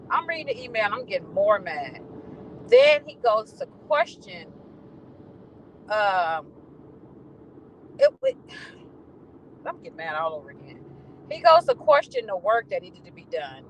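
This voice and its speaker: Brief: lively woman vlogger telling a story with plenty of swearing, in a car with faint road noise behind. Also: mid-range voice, a little slow, pauses often, rough recording. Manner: animated, profane storytelling. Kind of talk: casual venting monologue. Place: in a car on the ride home.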